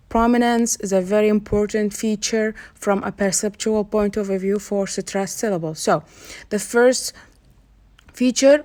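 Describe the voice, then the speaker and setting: A woman lecturer giving a recorded online lesson, explaining slowly and repeating herself, with frequent pauses. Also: mid-range voice, darkish tone. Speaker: university lecturer.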